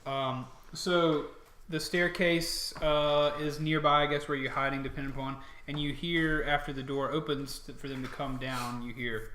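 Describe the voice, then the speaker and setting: A man's voice: a little high, flat delivery, normal speed, bright, forceful tone. A man narrating as dungeon master, loose and rambling, with many fillers and laughs. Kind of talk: narrating a tabletop game. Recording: echoey room.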